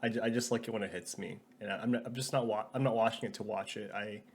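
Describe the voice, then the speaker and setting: A man's voice: lowish voice, steady tone, fast talker, husky. Laid-back young man, casual podcast chat. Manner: laid-back, often says dude and like. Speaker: podcast co-host.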